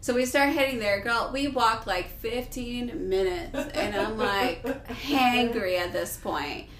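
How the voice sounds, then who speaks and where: A woman co-hosting a podcast, telling a personal story in an animated, casual way with lots of fillers. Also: on the high side, unhurried. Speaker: podcast co-host. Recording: echoey room with faint noise.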